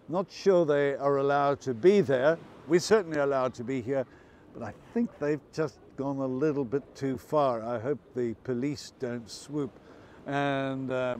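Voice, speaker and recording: A South African man speaking outdoors by an old harbour, giving an informal devotion in a conversational, storytelling way. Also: medium pitch. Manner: conversational, storytelling, warm emphasis on scripture.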